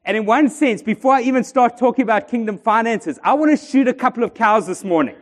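A South African pastor with a very high voice preaches quickly in a church, joking and bantering with the congregation. The recording carries a long church reverb.

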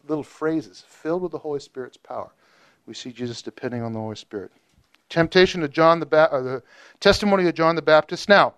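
A man teaching a Bible study group in a casual, animated way, joking and asking questions. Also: a little high, clean tone.

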